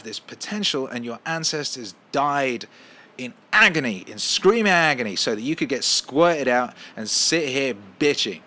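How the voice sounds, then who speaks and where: A man hosting a casual podcast at home, ranting with heavy swearing and loud heated outbursts. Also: mid-range voice, expressive, moderate pace. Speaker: podcast host.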